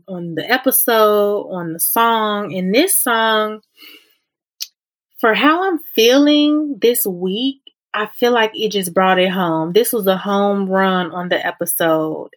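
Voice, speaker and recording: A woman's voice: mid-range voice, fairly bright tone. Encouraging woman podcast host. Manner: conversational and encouraging, repeats key points. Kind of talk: faith-based self-help podcast.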